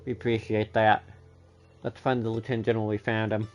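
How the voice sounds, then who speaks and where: A man's voice: lowish voice, little pitch movement, a little fast, highs cut off. A man streaming live, reading game dialogue aloud and often correcting himself mid-line. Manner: reads lines aloud with frequent self-corrections.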